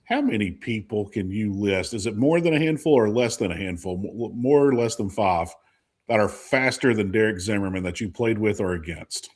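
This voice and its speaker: A man with a fairly low voice hosts a sports interview show. He asks long, winding questions and jokes with his guest in an animated way. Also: normal speed. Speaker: host, sports reporter.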